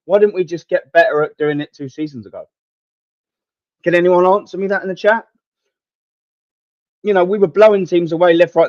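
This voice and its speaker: Young bloke, slightly high voice, fed-up sweary football rant to live chat; dry, muffled home mic. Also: male voice, dry recording. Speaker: football watchalong host. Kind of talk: live match watchalong commentary and rant.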